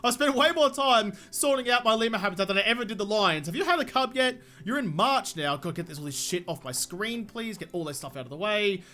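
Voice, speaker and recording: Bright, high-voiced excitable gaming host. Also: male voice, quick pace, few pauses. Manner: chatty and excitable, talks to the game animals. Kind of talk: casual gameplay commentary.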